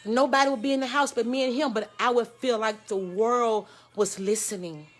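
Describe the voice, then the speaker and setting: A Texas woman, candidly telling a personal story, frank and profane, swinging from loud outbursts to hushed lows. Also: steady tone, normal speed. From Houston, Texas. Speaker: host.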